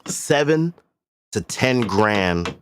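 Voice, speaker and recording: A man's voice: fairly low pitch, expressive, drawn-out words, fairly bright tone, slight background noise. A man hosting a livestream, talking casually and bluntly with profanity and emphatic repetition. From Boston area. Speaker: livestream host.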